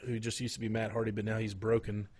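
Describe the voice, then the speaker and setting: A man co-hosting a podcast in casual chat, rambling with frequent pauses and restarts. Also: fairly low pitch, monotone, a little mellow, slightly rough. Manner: rambling, lots of fillers and restarts. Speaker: podcast co-host.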